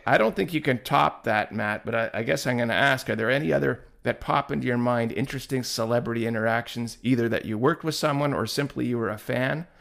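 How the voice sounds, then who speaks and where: A man hosting an interview, asking measured, appreciative questions. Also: medium pitch, gravelly, a bit bright.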